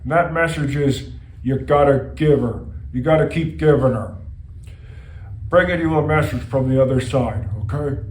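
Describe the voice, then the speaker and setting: A man voicing a portentous floating head that delivers messages from the other side, slow and solemn, with a constant "okay?" in a roomy, echoey space. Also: mid-range voice, darkish tone, lightly acted. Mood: grand. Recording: roomy echo.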